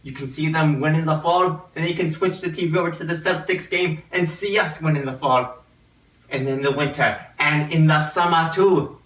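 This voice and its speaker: A man's voice: a little high, a bit bright, close to an everyday voice. A man voicing a boastful male team representative in an exaggerated fake Irish brogue, in a roomy room away from the mic. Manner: brash salesman patter, slow emphatic delivery. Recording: roomy echo, mic at a distance.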